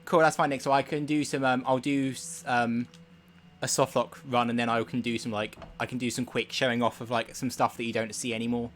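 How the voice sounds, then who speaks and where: A man's voice: mid-range voice, a little fast, slight background noise. A young man doing casual commentary while speedrunning a game live, chatty and rambling. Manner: relaxed, chatty, rambling with fillers.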